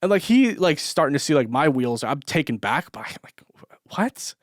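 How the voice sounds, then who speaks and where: A young vlogger with a voice on the high side and big pitch swings tells a long story fairly quickly. His telling is profane and rambling, with lots of fillers and laughter. The recording is dry, with clean studio sound.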